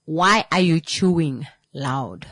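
A woman's voice: sits low, lively intonation, slow pace, a bit bright, husky, dry recording, clean studio sound. A young woman vlogger giving a blunt, exasperated monologue about bad manners, firing off rhetorical questions. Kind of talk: casual opinion monologue.

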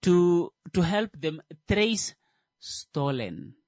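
A man's voice: high voice, big pitch swings, drawn-out words, darkish tone, no room sound. A man giving comedic, sarcastic commentary on tech, rambling with many fillers and restarts. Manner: sarcastic, mocking asides.

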